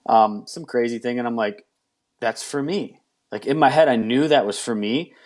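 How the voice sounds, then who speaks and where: A man's voice: medium pitch, fairly quick, darkish tone. A man as an interview guest giving a candid personal testimony, acting out his own past words as he tells it.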